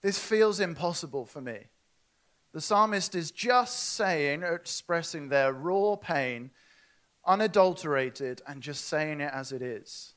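A man's voice: on the high side, animated, takes it slowly, a bit bright. A man preaching a sermon, earnest and asking his listeners direct questions.

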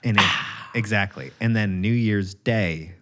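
A man co-hosting a podcast, trading dry jokes and deadpan one-liners in casual chat. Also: on the low side, unhurried, very noisy. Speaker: podcast co-host.

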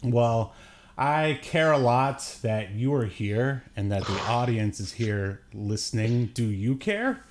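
A man's voice: medium pitch, animated, slow pace, slight background noise. A man hosting a podcast in casual chat, joking and laughing often, with plenty of fillers. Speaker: podcast host.

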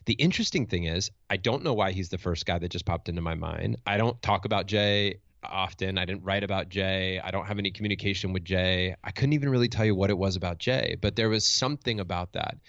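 A man's voice: sits low, fast, hardly any pauses, fairly bright tone, dry recording, lo-fi sound. A man who works as a motivational speaker and coach, telling a personal story in a reflective, candid way, thinking aloud with restarts and asking "right?" as he goes.

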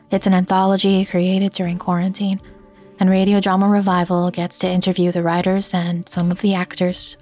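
A woman hosts a podcast, reading scripted announcements in a level, fairly low voice. She stays flat and measured, with faint music underneath. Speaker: podcast host.

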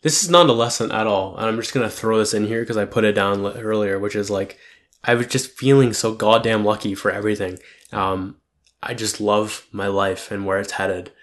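A man's voice: on the low side, brisk. Profane, rambling young male vlogger. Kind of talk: casual reflective monologue.

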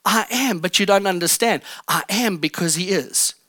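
A man's voice: high voice, moderate pace, sharp tone, no room sound. A man preaching a sermon as pastor, telling a personal story in a fervent, emphatic way with lots of repetition. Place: church stage.

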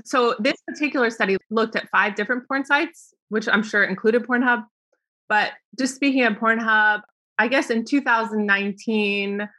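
A young woman with a bright, forward voice and a middle pitch, chatting as a guest on a podcast. She talks casually and keeps things light, often laughing and acting out quoted remarks. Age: young adult. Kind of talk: casual interview talk.

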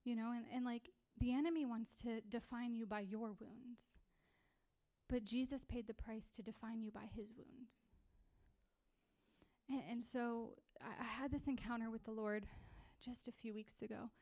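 A woman preaching and sharing a personal testimony, halting and repeating herself, often breaking into tearful crying. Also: on the high side, steady tone, mellow. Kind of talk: sermon.

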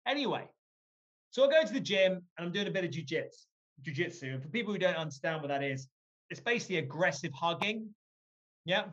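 A man's voice: on the high side, fast. Joking man telling a story, lo-fi. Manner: lively, joking, swears casually. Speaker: guest. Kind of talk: casual storytelling.

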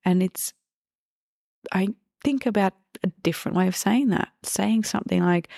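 A woman parenting coach giving calm, reassuring podcast advice and acting out example phrases for parents. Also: mid-range voice, moderate pace, vocal fry, dry recording, clean studio sound.

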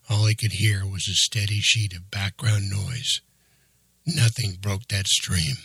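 Low husky guy reading an audiobook, steady and even, super dry close mic. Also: measured pace, no echo. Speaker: narrator. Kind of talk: audiobook narration.

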